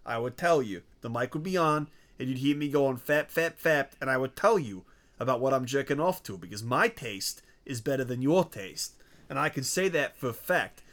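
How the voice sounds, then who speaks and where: A man's voice: medium pitch, animated, moderate pace, fairly bright tone. A man in a casual podcast chat who launches into mock-aggressive rants in a put-on tough-guy voice. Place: home, on a microphone.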